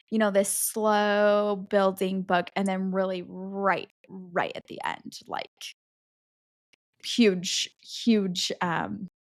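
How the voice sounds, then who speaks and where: Woman, podcast host, casual chat, animated, filler-heavy, mid pitch, dry close sound. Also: dry recording. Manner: animated, chatty, full of "like" fillers. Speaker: podcast host leading a book discussion.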